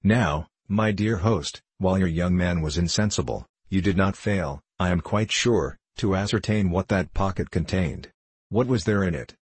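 A man's voice: sits low, moderate pace, breathy edge, dry recording. A man reading the part of a haughty, coldly menacing nobleman in an audiobook. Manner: cool, imperious, coldly menacing.

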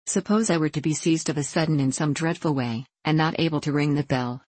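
A peevish young wife, as a woman reader puts her on complains plaintively in a storybook reading. Her voice sits low and is recorded close and dry. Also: brisk, darkish tone, no room sound. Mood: complaining. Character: peevish self-pitying young married woman.

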